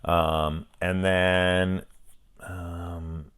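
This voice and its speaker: A man's voice: low-pitched, level tone, extremely slow, a bit bright, clear, resonant tone. A man in his forties talking casually and enthusiastically about a movie, rambling, restarting and swearing as he goes. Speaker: film reviewer. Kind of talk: casual review monologue.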